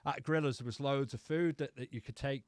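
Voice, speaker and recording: A man's voice: mid-range voice, fast, no room sound, clean studio sound. A young man from England, telling his story in casual podcast chat, swearing freely and acting out what people said. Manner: animated storyteller, swears freely, acts out quotes.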